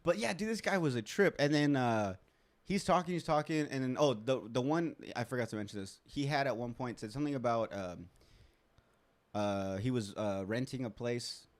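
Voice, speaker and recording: एक युवा पुरुष होस्ट, अनौपचारिक बातचीत में किस्से सुनाता और बातें दोहराकर अभिनय करता हुआ।. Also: male voice, medium pitch, moderate pace. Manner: animated storytelling, acts out quotes. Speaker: podcast host. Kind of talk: casual chat.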